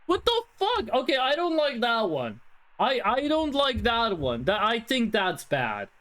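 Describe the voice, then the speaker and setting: A streamer giving live game commentary, thinking aloud and swearing in an animated way. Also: medium pitch, a little slow, noisy background.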